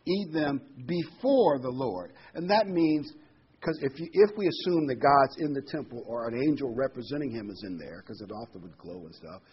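A man preaching a Bible study, reading verses slowly with heavy emphasis and then explaining them in a casual, conversational way. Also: medium pitch, husky, dull audio.

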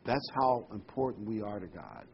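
A man's voice: on the low side, big pitch swings, moderate pace, gravelly. Man preaching, earnest, emphatic repeats, dull lo-fi sound, faint background noise. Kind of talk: sermon.

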